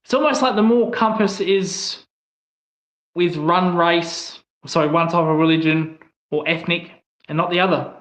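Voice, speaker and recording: A man's voice: fairly high pitch, steady tone, unhurried, a bit bright. A man with an Australian accent giving a blunt, angry opinion monologue, swearing often as he talks. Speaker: online commentator. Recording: echoey, slightly dull room sound.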